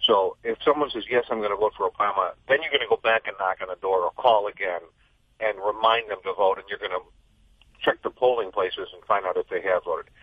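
Over a husky, tinny phone line, a middle-aged political correspondent explains things in an interview. His lowish voice is dry, and though fluent, he keeps restarting sentences and saying "I mean."

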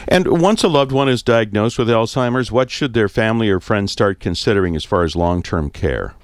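Radio host, male, slightly low voice, dry studio mic, relaxed interviewer. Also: a little fast, no room sound. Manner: relaxed conversational, occasional fillers. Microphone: studio microphone.

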